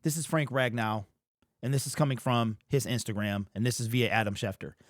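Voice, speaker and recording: A man's voice: medium pitch, steady tone, a little fast, no room sound, studio quality. A man hosting his own fan channel and giving emotional sports commentary. He talks casually, repeats himself, and keeps saying "bro" and "man.".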